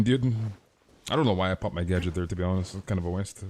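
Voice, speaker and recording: A man's voice: deep voice, fairly quick, a little hiss or hum. A young man streaming a game, chatting casually with viewers, rambling and slangy as he tells stories. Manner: rambling, animated storytelling, slangy. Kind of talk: casual live-stream chat.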